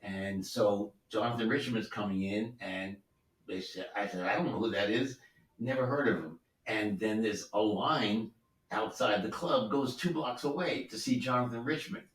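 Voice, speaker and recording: Low-voiced older man telling studio stories. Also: normal speed. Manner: easygoing, rambling, with many asides. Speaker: record producer and guest musician. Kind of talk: relaxed anecdotal storytelling. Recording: roomy sound, distant from the mic.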